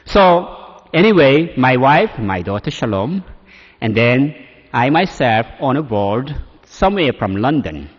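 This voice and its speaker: A man's voice: medium pitch, very animated, measured pace, slightly rough. A man from Korea with a Korean accent, preaching a personal testimony with emotion and many fillers. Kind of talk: testimony sermon. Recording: dull audio in a reverberant hall.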